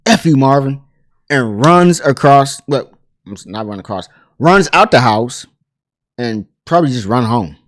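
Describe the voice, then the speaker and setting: A man hosting a pop culture commentary channel, telling a story in a chatty, animated way full of asides and fillers. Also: mid-range voice, unhurried, dry recording, clean studio sound. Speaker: host.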